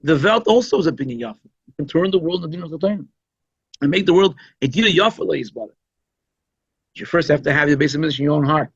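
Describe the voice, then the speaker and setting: At a holiday gathering, a rabbi speaks fast in an informal, conversational Chassidic talk, emphatic and full of asides. His somewhat high voice is gravelly and husky, and the dry, dull recording carries no echo or room sound.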